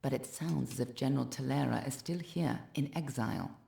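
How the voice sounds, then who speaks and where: A woman with a southern English accent voicing a solemn, loyal quest-giver in a video game, speaking in a measured, formal way. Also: very deep voice, vocal fry, warm tone, heavily acted. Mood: grave. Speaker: game character.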